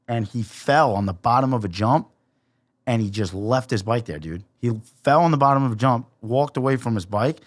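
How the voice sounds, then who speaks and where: A young man, a podcast guest, telling a story in a casual, profane, animated way and acting out the quotes. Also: mid-range voice, normal speed, dry recording, clean studio sound.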